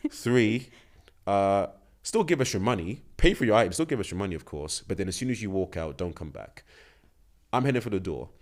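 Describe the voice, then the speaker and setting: A man's voice: lowish voice, lively intonation, fairly quick, a little mellow. A young man co-hosting a podcast, telling a story in casual chat, acting out the lines of the people in it and laughing often. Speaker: podcast co-host.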